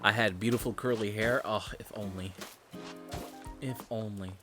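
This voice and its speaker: Low-voiced man chatting while gaming. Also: steady tone, normal speed. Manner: rambling, profane, loose and joking. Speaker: streamer. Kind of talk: casual gaming stream chat. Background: game music.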